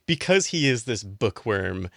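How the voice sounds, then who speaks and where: Excited dude gushing on a podcast, bright voice, dry sound, keeps laughing. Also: male voice, on the low side, measured pace, creaky, no echo. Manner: enthusiastic, rambling, laughs often. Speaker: podcast co-host. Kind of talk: casual roundtable chat.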